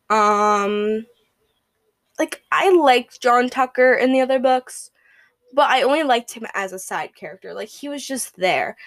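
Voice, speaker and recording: A woman's voice: on the high side, dry recording. A young woman hosting a podcast, gushing and rambling about a book series in casual chat, full of fillers. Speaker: podcast host.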